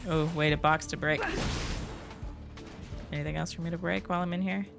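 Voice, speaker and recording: A woman streaming a game, chatting casually and reacting aloud between dialogue, with quiet asides. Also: deep voice, steady tone, a little fast, gravelly, music in the background.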